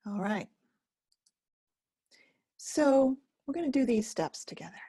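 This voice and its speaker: A woman teaching a guided self-help lesson, speaking gently and slowly with many pauses. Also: fairly high pitch, expressive, breathy edge, dry recording, studio quality. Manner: gentle, slow and pausing, speaks as if to a listener. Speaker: focusing teacher.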